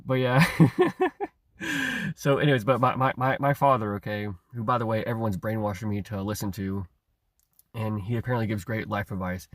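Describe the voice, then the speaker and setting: A man's voice: on the low side, steady tone, brisk, no room sound, studio quality. A man delivering a rambling, profane rant, stammering and repeating himself, with chuckles between phrases. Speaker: online commentator. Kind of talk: ranting monologue.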